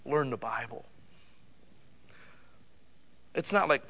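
Animated preaching man, bright voice. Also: a little high, moderate pace, few pauses, a little hiss or hum. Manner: animated, loud bursts with sudden drops to quiet. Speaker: pastor. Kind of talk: sermon.

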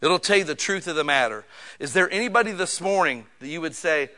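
A male pastor preaching a sermon in a church, joking and casual, swinging from quiet asides to loud bursts. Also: on the high side, animated, fairly quick.

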